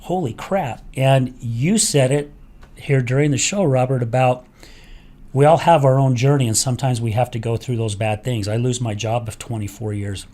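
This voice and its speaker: A middle-aged man hosts a podcast and talks through a personal story, candid and earnest, with the odd mild curse. His voice sits at an ordinary middle pitch and he keeps an easy conversational tone. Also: moderate pace, warm tone. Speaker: podcast host. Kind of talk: casual storytelling chat.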